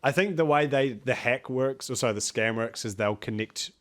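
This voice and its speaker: A man's voice: medium pitch, moderate pace, fairly bright tone. A man with a New Zealand accent, a podcast guest chatting casually, rambling and swearing freely with frequent laughs.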